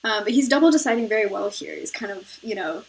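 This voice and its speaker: A woman's voice: medium pitch, fast talker. A woman hosting her own video, commenting casually on an interview clip, thinking aloud and giggling between guesses. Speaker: video host analyzing personality types.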